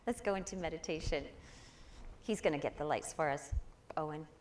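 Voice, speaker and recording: With a deep voice and a slightly quick delivery, a woman gives a lively, encouraging inspirational talk live at a spiritual center, getting the audience to respond to her. There is slight background noise.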